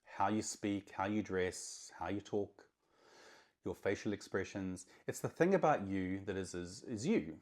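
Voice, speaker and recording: A middle-aged man hosts his own marketing show and speaks directly into the camera in a loose, conversational style. His voice sits a touch low. He stresses his points firmly and sometimes repeats a word before going on. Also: darkish tone. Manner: emphatic, conversational, with repeated words. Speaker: marketing consultant, podcast host. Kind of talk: casual monologue to camera.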